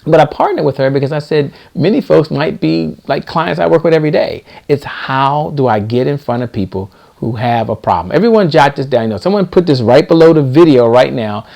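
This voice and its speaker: A man's voice: on the high side, animated, fairly quick, creaky, few pauses, darkish tone. A middle-aged man hosting a live stream, speaking in a preachy, motivational way and repeating key lines for emphasis. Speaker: host.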